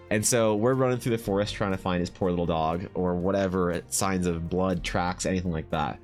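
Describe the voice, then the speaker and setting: A man's voice: sits low, a little fast, soft background music. A young Canadian man telling a rambling story to his stream chat, casual and full of swearing and fillers.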